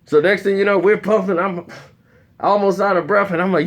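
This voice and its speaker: A man telling a comedic story in an animated way, acting out the voices of the people in it. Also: sits high, a little fast.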